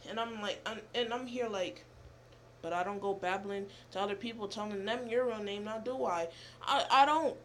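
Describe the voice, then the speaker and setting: A young woman vlogger telling a rambling, animated, profane story in casual chat. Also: medium pitch, moderate pace, a little hiss or hum.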